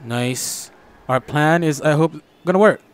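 A young man hosting a gaming channel, chatting casually and reacting excitedly while playing a co-op game with a friend. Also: a little high, clear, resonant tone. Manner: excitable, joking, quick reactions. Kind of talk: casual co-op gameplay chat.

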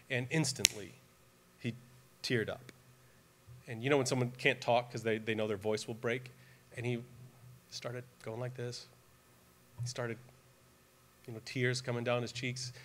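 A man in his forties preaching a sermon as pastor, earnest and emphatic, dropping to a soft, tearful tone during personal stories. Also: mid-range voice. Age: 40s. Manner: earnest, emphatic, grows quiet and tearful when telling a personal story. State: near tears at times.

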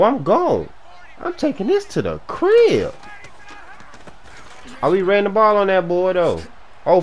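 Hyped young man yelling at a football game. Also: on the high side, slight background noise. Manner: hyped, shouting at the game, slangy. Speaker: gaming streamer. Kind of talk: casual gameplay commentary.

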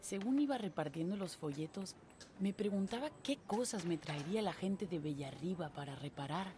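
A woman voicing a young woman narrating her story in a video game, in calm, even storytelling. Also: lowish voice, fast, faint music behind, natural voice.

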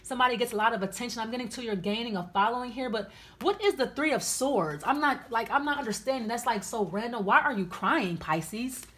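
Woman, tarot reader, casual, blunt, chatty, fillers, slightly high voice. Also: a little fast, fairly bright tone, breathy edge.

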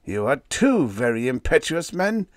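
A man's voice: medium pitch, very animated, a little slow, no echo, studio quality. A man voicing a pompous company vice president who speaks in a formal, precise, lecturing way.

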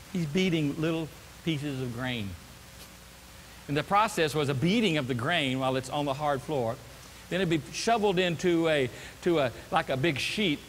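A man preaching a sermon as pastor, animated and acting out the voices of the people he quotes, in a church sanctuary. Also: fairly high pitch, big-room sound, slight background noise.

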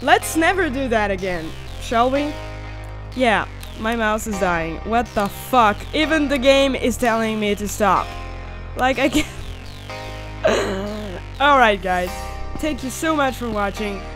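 A young woman hosting a gaming channel plays a horror game over music, screaming and squealing when scared, swearing, laughing nervously and apologizing to viewers in a chatty outro. Her fairly high voice has lively intonation, a little slow, with long pauses.

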